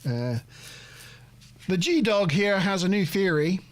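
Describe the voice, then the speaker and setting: A man hosts a casual review podcast, talking through the episode in a loose, meandering way. His voice sits a little high for a man, and he pads his sentences with ums and uhs while joking at his own expense. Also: expressive, slow pace. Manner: rambling, self-deprecating, heavy on fillers. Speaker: host of a TV review show.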